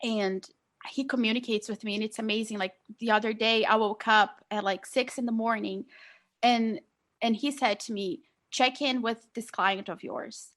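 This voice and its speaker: A woman's voice: on the high side, fairly even intonation, moderate pace, fairly bright tone. A young adult woman telling her story as a podcast guest, earnest and casual, with lots of "like" and "you know". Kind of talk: casual conversational interview.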